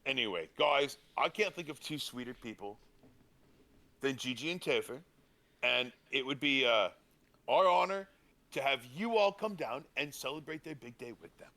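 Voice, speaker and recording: A man's voice: mid-range voice, animated, normal speed, bright, forceful tone. A man playing a laid-back talk show co-host in a role-play game, casually chatting and tagging his lines with easygoing slang. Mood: laid-back banter.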